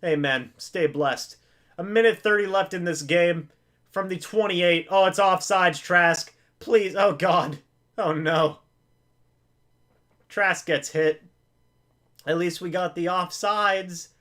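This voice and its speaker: A man's voice: sits high, slow pace, long pauses. A man hosting a live game reaction stream. He calls the plays himself, pleads with the players, and jokes his way through the loss. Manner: excitable, pleading with players, self-mocking humor.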